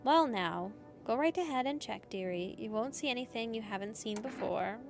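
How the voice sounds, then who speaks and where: A woman's voice: a little high, lively intonation, normal speed, over music. A woman voicing a creepy old grandmother who calls everyone dearie in a folksy, cryptic way, while reading game dialogue. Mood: teasing. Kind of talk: dramatic game voice acting.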